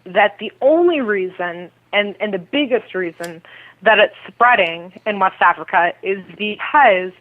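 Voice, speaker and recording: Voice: medium pitch, animated, a little slow, no room sound. A caller on a call-in talk show, making a long-winded, earnest argument. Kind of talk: call-in discussion. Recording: phone line.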